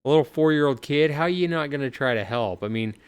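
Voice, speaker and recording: A livestreamer talks to his chat while playing a game, giving casual, chatty let's-play commentary. His voice is fairly high with a clean tone, lively intonation, and quick pace, though he sounds tired and yawns.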